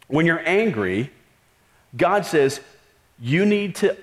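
A man preaching a sermon in a casual, conversational way, full of rhetorical questions and "like" fillers. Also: mid-range voice. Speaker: pastor. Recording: long hall reverb.

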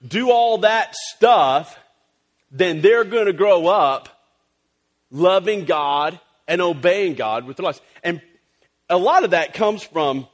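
Animated pastor preaching a casual sermon. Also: male voice, fairly high pitch. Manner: animated, conversational, many fillers. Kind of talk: storytelling sermon. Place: church service.

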